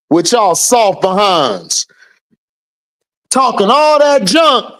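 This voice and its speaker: A livestream host talking casually and loudly, teasing viewers and repeating taunts with bursts of laughter. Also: medium pitch, very animated, slow, long pauses. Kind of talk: casual livestream trash talk.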